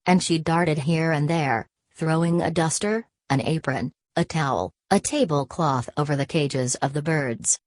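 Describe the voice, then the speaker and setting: A woman narrates a novel in a steady, measured way. Her voice is low, and the recording is close and completely dry. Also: no room sound. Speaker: audiobook narrator. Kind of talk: scripted narration.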